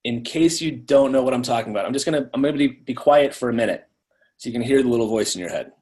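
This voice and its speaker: A man's voice: mid-range voice, quick pace, darkish tone, a little hiss or hum. Man teaching over a video call. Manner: conversational, repeats words when restarting. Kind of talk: live online training talk.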